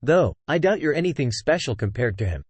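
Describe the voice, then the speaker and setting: A cold, provocative young woman in a fantasy novel, read by a synthetic male voice, her pitch moving lively. The sound is dry and close, and she mocks as she speaks. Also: a little fast, husky, dry recording. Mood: sneering. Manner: mocking, provocative. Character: cold sneering young woman taunting a rival.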